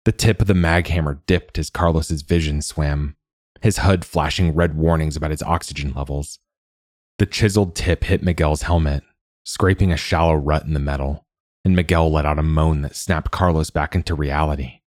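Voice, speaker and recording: A man reads a story aloud with a measured, steady delivery. His voice sits very low, and the recording is dry and close, with no room sound. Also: no room sound. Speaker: narrator. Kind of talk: scripted audiobook narration.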